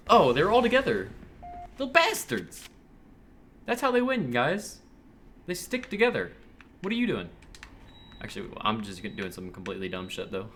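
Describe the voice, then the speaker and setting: A young man commentating his own online shooter match, excitable and cursing, yelling at other players. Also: fairly low pitch, slight background noise. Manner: excitable, swears often, yells at other players. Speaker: gamer streamer. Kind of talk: live gameplay commentary.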